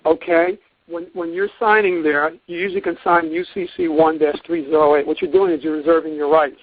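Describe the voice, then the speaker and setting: A man with a slightly high, steady voice speaks briskly over a tinny, dry phone line with no echo. He's a guest teacher on a call-in program, lecturing emphatically and acting out courtroom exchanges as he goes.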